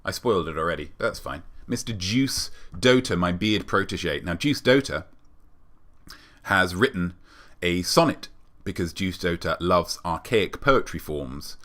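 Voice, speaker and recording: A young man hosting a comedic live show, swinging between mock-solemn asides and loud, theatrical excitement. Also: deep voice. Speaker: host.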